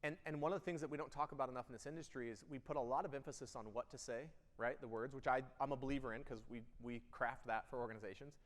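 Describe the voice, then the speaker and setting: A man giving an energetic keynote speech, emphatic, jumping between loud bursts and quiet intensity. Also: medium pitch, fast, hardly any pauses. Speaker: keynote speaker. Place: event hall. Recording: long hall reverb.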